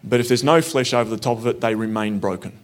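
A man's voice: mid-range voice, quick pace. Earnest man telling his story. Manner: earnest, reflective, conversational. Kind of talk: personal storytelling talk.

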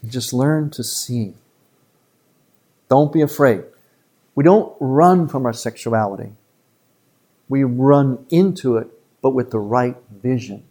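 A man, a priest giving a retreat talk to a live audience in an earnest, emphatic way with quick asides. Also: medium pitch, mellow.

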